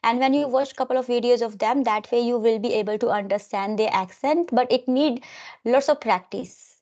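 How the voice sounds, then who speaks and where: A woman from India with an Indian accent, hosting an English conversation practice chat and explaining things quickly. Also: on the high side, darkish tone. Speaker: host. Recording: dull lo-fi sound.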